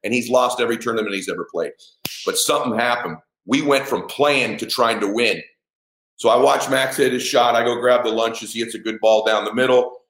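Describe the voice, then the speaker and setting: A middle-aged father tells a personal story emphatically and a little fast, in an echoey room. He swears, acts out the dialogue and shouts at the high points.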